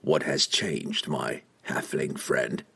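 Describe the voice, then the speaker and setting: A man voicing a cold, grim male assassin who speaks slowly and quietly, in an audiobook reading. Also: a bass voice, fairly even intonation, creaky, slightly rough, pitched below the performer's own voice, heavily acted. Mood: cold, menacing.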